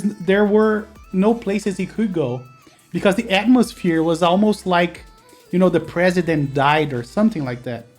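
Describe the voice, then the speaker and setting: A man's voice: high voice, darkish tone. A man from Brazil, a native Portuguese speaker with a Brazilian accent, chatting casually on a live stream and answering chat while he builds.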